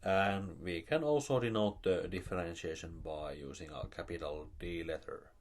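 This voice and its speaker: A man with a Finnish accent giving a recorded math lecture, explaining step by step with many pauses and fillers. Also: low voice, slight background noise. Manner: slow, halting, with many fillers.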